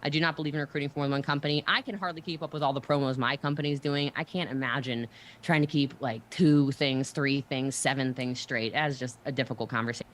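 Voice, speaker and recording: A woman coaching recruiters on a livestream in a brisk, emphatic way, often checking in with "okay?". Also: very deep voice, fairly even intonation. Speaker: network marketing mentor on a livestream.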